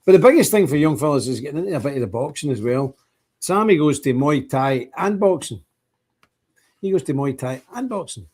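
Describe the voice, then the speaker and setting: Guy rambling on his livestream, chatty, calls out viewers by name, voice a bit on the high side. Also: expressive, fairly quick, a little mellow, husky. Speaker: livestream host. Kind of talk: casual livestream monologue.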